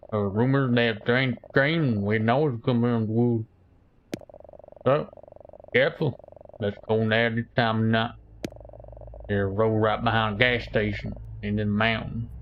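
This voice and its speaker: Here is a man reading a gas station clerk in a video game, measured and cautionary. He gives warnings in a fairly plain, even voice. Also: medium pitch, lo-fi sound, slight background noise, lightly acted.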